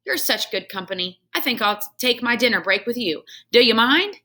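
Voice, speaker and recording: A woman reading a children's book aloud, voicing a hearty, joking male night janitor who booms and chats. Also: lively intonation, brisk, pushed and bright, heavily acted. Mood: jolly, teasing.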